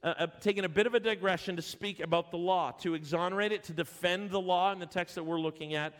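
High-voiced man preaching a sermon. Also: fast. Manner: emphatic at points, repeats and restarts words. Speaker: pastor.

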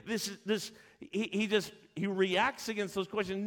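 High-voiced man preaching a sermon. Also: moderate pace, hardly any pauses, a bit bright. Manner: emphatic at points, repeats and restarts words. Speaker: pastor.

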